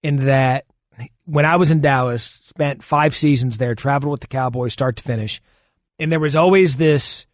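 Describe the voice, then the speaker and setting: A man's voice: medium pitch, moderate pace, no room sound. A man co-hosting a sports radio show, arguing his points at length with analogies, speaking into a studio microphone. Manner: argumentative, builds long points with analogies. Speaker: fill-in sports radio co-host.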